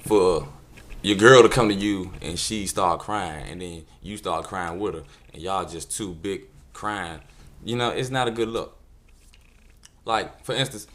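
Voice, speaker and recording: A man talking straight to camera in a comic monologue. His voice sits fairly low but rises and falls constantly as he tells the story. Punchlines land with a flat, deadpan delivery. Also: brisk. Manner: animated, jokey storytelling with deadpan asides. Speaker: comedian vlogger. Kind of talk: comedic vlog monologue.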